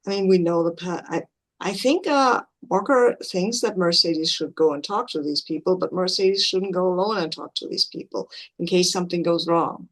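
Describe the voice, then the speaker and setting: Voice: medium pitch, moderate pace, fairly bright tone. Casual tabletop player explaining a plan. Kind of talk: tabletop role-play.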